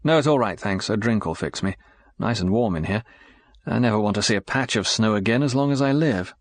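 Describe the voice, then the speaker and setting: A man's voice: lowish voice, lively intonation, a little fast, no echo, close to an everyday voice. A man reading an audiobook, voicing a weary, battered British secret agent who speaks in a tired, understated way.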